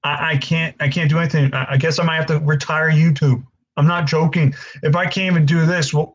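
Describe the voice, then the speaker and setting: A man's voice: fairly high pitch, fairly even intonation, brisk, highs cut off. A young man hosting a casual live-stream Q&A, frustrated and stammering, swearing often as he answers viewers.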